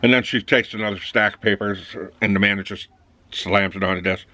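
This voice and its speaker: A man's voice: fairly low pitch, steady tone, brisk, pushed and bright. A man talking casually in a rambling monologue, acting out both sides of little office dialogues. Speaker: vlogger.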